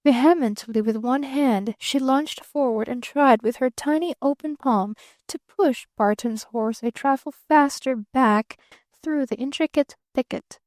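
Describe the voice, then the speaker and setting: A woman narrates a classic novel in an expressive storybook manner. Her voice sits fairly high, and the recording is dry and close with no room sound. She reads with steady, lively phrasing. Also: unhurried, no room sound. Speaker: audiobook narrator. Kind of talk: scripted narration.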